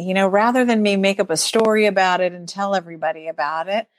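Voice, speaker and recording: A woman talking as an interview guest, animated and chatty, acting out her own inner voice in quotes and laughing lightly now and then. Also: mid-range voice, quick pace, no echo, studio quality. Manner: laughs lightly mid-sentence. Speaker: guest speaker and teacher. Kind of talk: casual interview chat.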